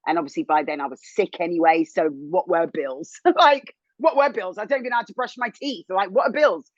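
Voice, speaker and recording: A woman's voice: brisk, dry recording, lo-fi sound. Candid woman sharing a hard story. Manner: candid, animated, swings high when indignant. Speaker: interview guest, TV presenter. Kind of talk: emotional personal testimony.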